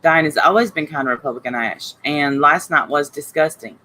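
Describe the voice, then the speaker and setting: A woman's voice: deep voice, a little fast, bright, forceful tone, slight background noise, poor audio. A woman hosting a casual livestream, greeting viewers by name and talking bluntly and heatedly about online drama. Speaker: livestream host reading chat.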